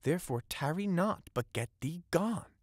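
A man's voice: medium pitch, animated, unhurried, no echo, studio quality, lightly acted. A man voicing an impassioned young fisherman in love, declaiming in old-fashioned speech. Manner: urgent, declaiming archaic speech.

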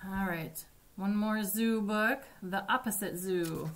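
A woman librarian reading picture books aloud to children at story time, with a gentle, deliberate delivery. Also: medium pitch.

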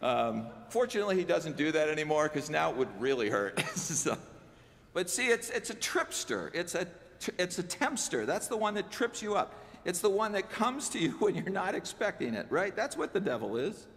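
Creaky-voiced pastor preaching in a reverberant church. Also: male voice, high voice, big pitch swings, moderate pace, fairly bright tone. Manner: conversational preaching with asides to the congregation. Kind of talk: sermon. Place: church sanctuary.

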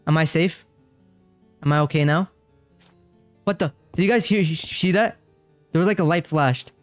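A young man talks casually to his chat while streaming a game, jumpy and rambling, often repeating himself out of fright. His fairly high voice moves at a moderate pace. The dry close-mic recording has no room sound and faint game music.

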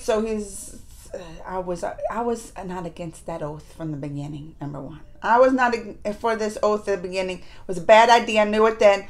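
A woman hosting a review channel, recapping episodes to viewers in a chatty, animated way and acting out characters' lines. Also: medium pitch, normal speed. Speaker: reaction and review channel host. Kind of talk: casual recap chat to viewers.

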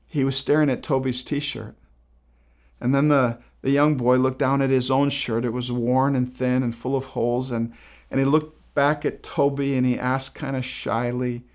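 A male pastor preaching a sermon, telling stories with frequent repeated words and restarts, acting out quoted dialogue in a shifting voice. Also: mid-range voice.

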